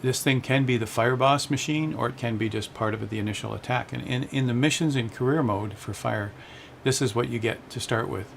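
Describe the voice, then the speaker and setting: A man's voice: medium pitch, a little fast, vocal fry, hardly any pauses, slight background noise. A man hosting a group flight-sim stream, chatting casually, laughing often and explaining things at length. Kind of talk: casual gaming chat.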